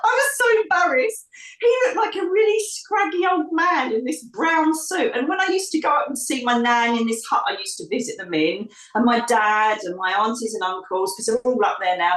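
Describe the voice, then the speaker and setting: A woman's voice: fairly high pitch, a bit bright. A woman from the UK, a psychic medium telling a long story in an interview, chatty and laughing, acting out the voices she quotes. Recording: roomy sound, distant from the mic.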